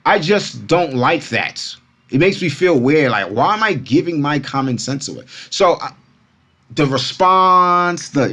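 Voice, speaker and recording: Animated Brooklyn man ranting to fans. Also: mid-range voice, gravelly. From Brooklyn, New York. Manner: animated, repetitive, keeps addressing fans as Kumas. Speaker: crypto channel host. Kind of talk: casual opinion vlog.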